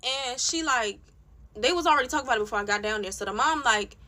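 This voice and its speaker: Blunt, heated young woman with a bright voice. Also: a little high, quick pace. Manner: blunt, profane, heated retelling with many "like" fillers. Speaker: storytime vlogger. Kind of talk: casual storytime rant.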